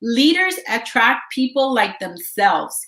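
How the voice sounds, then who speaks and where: A woman's voice: a little high, sing-song, takes it slowly, fairly bright tone. A woman co-hosting a motivational talk, speaking in an upbeat, encouraging way. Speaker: co-host. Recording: echoey room.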